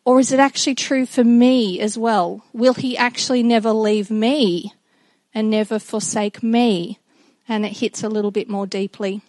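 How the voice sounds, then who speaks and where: Woman, middle-aged, devotional talk, earnest, reflective, fairly high voice, dry sound. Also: fairly even intonation, darkish tone, no echo. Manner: earnest and reflective, with halting restarts. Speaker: speaker addressing children and congregation.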